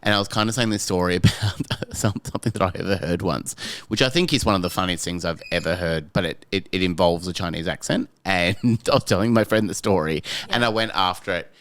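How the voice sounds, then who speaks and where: A man co-hosting a comedy podcast, riffing quickly and echoing his co-host's lines for laughs. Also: sits low, a bit bright. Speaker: podcast co-host. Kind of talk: casual comedic chat.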